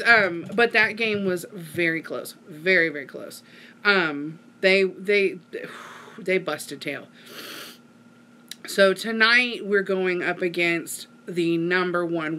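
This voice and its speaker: Mom rambling on her vlog, bright voice, lots of ums. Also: on the low side, slight background noise. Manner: rambling storytelling with many fillers. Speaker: vlogger. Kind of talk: casual chat to viewers.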